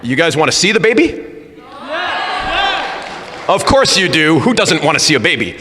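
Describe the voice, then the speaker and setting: A man coaching rugby, telling a funny story in a lively way at a school assembly. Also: fairly high pitch, moderate pace, crowd noise. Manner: humorous, animated storyteller. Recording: reverberant hall with faint background noise.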